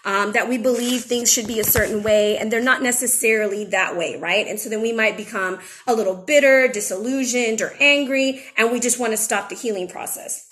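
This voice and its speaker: A young adult woman talks through a tarot spread in a loose, chatty way. She is frank and a little emotional. Her voice sits somewhat high for a woman. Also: a little fast, few pauses, fairly bright tone. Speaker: tarot reader and channel host. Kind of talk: casual spiritual chat with tarot reading.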